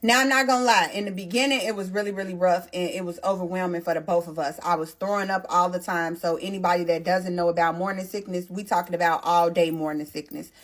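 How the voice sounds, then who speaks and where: A woman, telling her own story to viewers in a chatty, animated storytime vlog. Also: on the low side, fast, few pauses. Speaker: vlogger.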